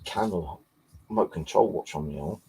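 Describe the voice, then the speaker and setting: A man's voice: sits low, normal speed, gravelly, mellow, husky, poor audio. A man chatting casually to camera, rambling and swearing often. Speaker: vlogger.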